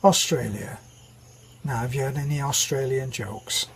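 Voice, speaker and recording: A man hosting his channel, telling jokes in a rambling way with many pauses and restarts. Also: mid-range voice, a little hiss or hum, low-quality recording. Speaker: channel host. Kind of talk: casual joke telling.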